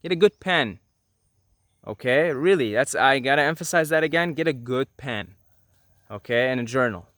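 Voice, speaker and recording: A man's voice: medium pitch, normal speed, a bit bright, dry recording. A man hosting a spiritual teaching video, talking earnestly to camera and repeating points for emphasis. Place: apartment at night.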